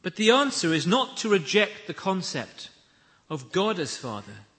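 A man preaching a sermon, measured and emphatic, with deliberate pauses. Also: high voice, very animated, fairly bright tone, long reverb tail.

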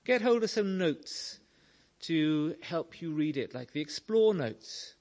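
A man preaching a sermon, slow and earnest, telling stories to make his point. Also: a little high, animated, darkish tone.

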